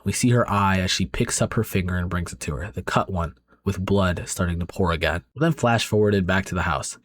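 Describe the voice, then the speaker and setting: Low-voiced casual recap narrator, man. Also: fairly quick, a little hiss or hum. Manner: chatty, talks straight to viewers, many fillers.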